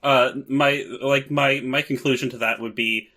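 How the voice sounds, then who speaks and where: A man on a casual podcast with a bright, edgy voice. He talks bluntly and sardonically, swearing freely and restarting his sentences before he makes his point. His pitch sits in a middle range. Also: fairly even intonation, normal speed. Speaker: podcast co-host. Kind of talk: casual recap chat.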